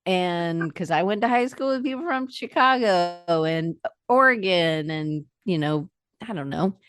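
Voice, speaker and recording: A woman from Atlanta, a guest on a podcast, telling lively stories and acting out what people said. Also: on the low side, measured pace. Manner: lively storyteller who acts out quoted dialogue. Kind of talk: casual conversation.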